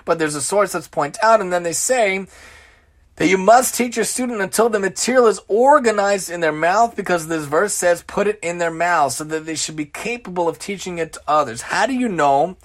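A man's voice: high voice, animated, normal speed. Emphatic man teaching a Torah lesson. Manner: repetitive, emphatic lists. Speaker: religious teacher and show host.

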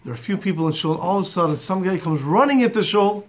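A man's voice: sits high, fast. A man teaching a Torah class in English mixed with Hebrew terms, telling a story and acting out its quotes.

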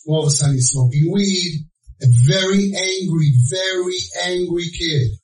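A man's voice: sits high, normal speed. Man telling a story in an echoey hall. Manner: animated and joking, acts out the dialogue. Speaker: lecturer and counselor to families. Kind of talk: storytelling talk to a live audience. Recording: echoey, voice from far off.

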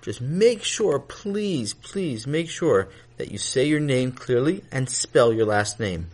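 A man hosting a podcast, reading listener shout-outs and giving directions in a friendly, direct way. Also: medium pitch, expressive, takes it slowly. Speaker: podcast host. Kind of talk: show announcements.

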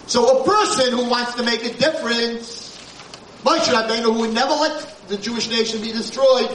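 A man's voice: very high voice, lively intonation, normal speed, a bit bright. A man, a rabbi giving an informal Torah class, talking emphatically, repeating his points and mixing in Hebrew terms. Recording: roomy, distant, faint background noise.

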